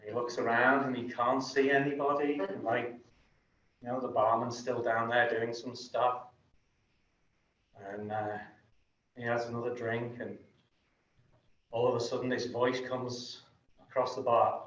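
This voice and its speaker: A man's voice: mid-range voice, level tone, measured pace, pauses often, fairly bright tone, reverberant. Playful male tai chi instructor mid-class, distant dull recording. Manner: playful, laughs at his own jokes. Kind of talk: joke-telling during a class.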